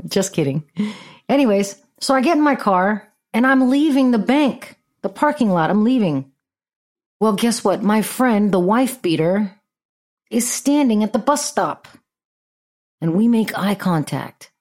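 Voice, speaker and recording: A woman hosting a podcast, telling a story in a blunt, profane, animated way. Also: medium pitch. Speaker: podcast host. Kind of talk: casual storytelling monologue.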